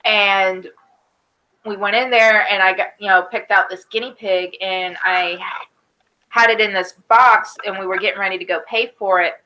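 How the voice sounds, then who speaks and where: A woman in her thirties telling a personal story on a casual podcast, lively and full of voiced quotes. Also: medium pitch, normal speed, low-quality recording. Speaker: podcast co-host.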